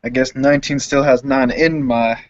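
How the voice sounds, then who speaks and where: A man's voice: medium pitch, steady tone, moderate pace. A man playing a tabletop game who talks hesitantly and asks questions. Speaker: player. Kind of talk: casual tabletop play. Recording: dull lo-fi recording.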